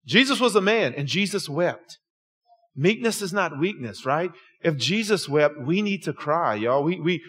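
High-voiced preacher, swinging loud to hushed. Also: male voice. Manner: folksy, call-and-response preaching, swings from loud and lively to low and soft. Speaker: pastor. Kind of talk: sermon.

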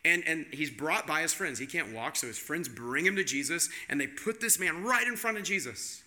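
Male pastor, slightly high voice with a very bright edge; conversational sermon built on rhetorical questions. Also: lively intonation, moderate pace.

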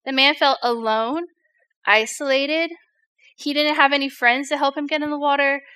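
Young woman, youth-group speaker, high and bright, casual joking sermon delivery. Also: steady tone, normal speed. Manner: chatty, filler-heavy, jokes with the audience.

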